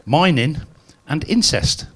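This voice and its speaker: A man's voice: on the high side, expressive, slow, a bit bright. A man performing a chatty, self-mocking stand-up set at a live venue. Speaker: stand-up comedian.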